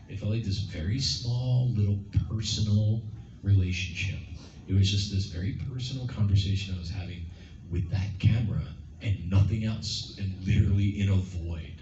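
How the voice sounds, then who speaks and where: A man with a fairly low voice tells stories to fans at a convention panel, animated and casual. He is picked up from a distance in a large, echoey hall. The sound is dull and muffled, with steady noise behind. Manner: animated, acts out lines in playful voices. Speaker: guest at a fan convention panel. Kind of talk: casual Q&A storytelling. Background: crowd ambience.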